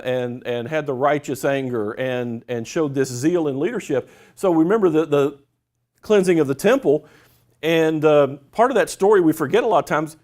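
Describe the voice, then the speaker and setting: Middle-aged guy lecturing at a workshop, kinda high voice for a man, lots of uh and restarts, reads scripture bits aloud. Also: a little mellow. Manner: conversational, many fillers and restarts, reads scripture quotes aloud. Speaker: professor giving a workshop talk.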